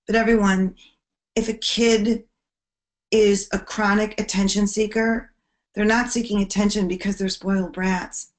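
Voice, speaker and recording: A woman presenting to teachers on bullying prevention, her voice sitting at an ordinary middle pitch. She talks earnestly and from the heart. On the heaviest points her voice falls soft and low. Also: flat delivery, a little slow.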